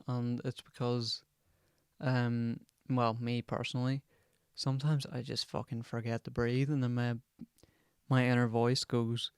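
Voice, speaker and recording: Guy rambling on his podcast, cursing every other line, smooth voice, pretty flat. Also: mid-range voice, unhurried, no echo, clean studio sound. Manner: swears constantly, chatty and digressive. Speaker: podcast host. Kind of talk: casual rambling podcast monologue.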